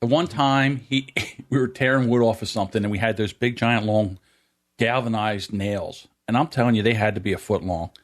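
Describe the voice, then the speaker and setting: A man on a podcast telling family stories in a casual, animated way. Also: normal speed. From New Jersey shore area. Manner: animated, acts out quoted voices in a high pitch. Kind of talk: casual storytelling.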